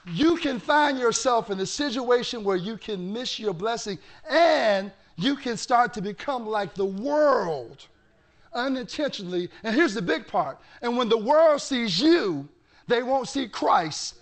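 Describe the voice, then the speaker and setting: Preacher, male, high-pitched with gravelly fry, animated storytelling sermon. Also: measured pace. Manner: animated storytelling, bursts into shouting. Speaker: pastor.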